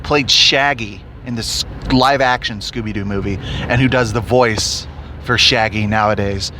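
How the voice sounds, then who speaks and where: A man's voice: fairly low pitch, fairly even intonation, measured pace. A man hosting a podcast, ranting angrily and sarcastically, swearing nonstop while driving his car. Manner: angry, cursing constantly, sarcastic. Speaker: podcast host. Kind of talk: profane ranting monologue. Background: faint road and traffic noise.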